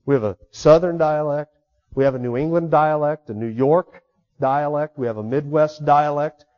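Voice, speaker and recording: A man's voice: on the high side, normal speed, lo-fi sound. A man preaching a sermon in an emphatic way, repeating key words for stress. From United States. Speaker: pastor.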